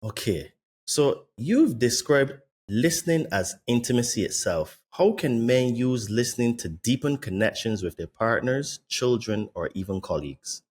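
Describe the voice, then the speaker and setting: A man hosting a podcast, rambling and restarting as he asks questions, slowing on key words, and reading show plugs. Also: medium pitch, expressive, a little mellow, breathy edge. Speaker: podcast host. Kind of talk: conversational interview, reads show plugs.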